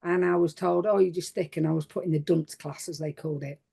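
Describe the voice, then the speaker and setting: A woman's voice: low voice, steady tone, fast, gravelly, warm tone, breathy edge. A middle-aged woman, speaking as a podcast panelist in a plain-spoken, reflective way. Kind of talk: casual panel discussion.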